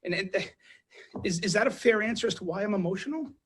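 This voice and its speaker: A man's voice: high-pitched, fairly quick, fairly bright tone, slight background noise. A man speaking as an intensive care doctor in a TV interview, urgent and emotional, repeating himself with many restarts. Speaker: ICU doctor guest.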